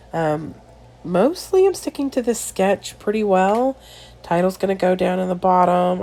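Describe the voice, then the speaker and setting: A tired woman narrates a crafting voiceover late at night. She sounds congested from a sinus infection and chats in a rambling way, with apologetic asides. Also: deep voice. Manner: chatty and rambling, apologetic asides, soft laughs. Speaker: scrapbooking video creator.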